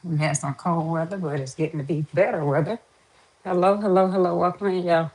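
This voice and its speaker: A woman's voice: on the low side, steady tone, brisk, a little mellow. A woman hosting a casual live stream, chatty and greeting viewers over and over. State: out of breath.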